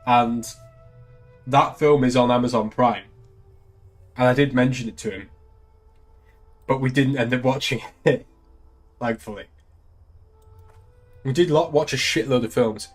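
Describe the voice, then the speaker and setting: A man's voice: medium pitch, measured pace, long pauses, soft background music. An English man, a young adult, chatting casually on a live stream, laughing often and swearing freely. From England. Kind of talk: casual chat.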